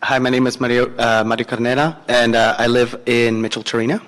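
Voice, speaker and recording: A man interprets public comment in a council chamber in a middle-pitched voice. He is hesitant and pauses often on fillers, and a long reverb trails his words. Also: flat delivery, a bit bright. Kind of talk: consecutive interpreting at a hearing.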